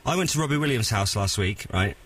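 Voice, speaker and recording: A man's voice: fairly low pitch, lively intonation, fast, a bit bright. A man hosting a radio show, chatting and teasing in casual banter. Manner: chatty, teasing, laughs often. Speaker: radio host. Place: radio studio.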